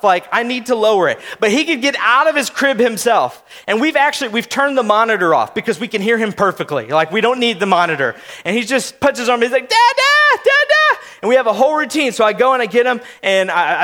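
Male preacher, 30s, high bright voice, chatty storytelling sermon. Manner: storytelling, conversational, speaks to the audience. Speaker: pastor.

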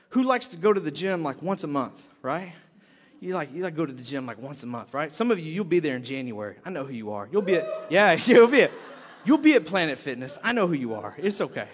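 A man preaching a sermon with lots of energy, acting out little voices and laughing often. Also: very high-pitched. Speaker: pastor. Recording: long hall reverb.

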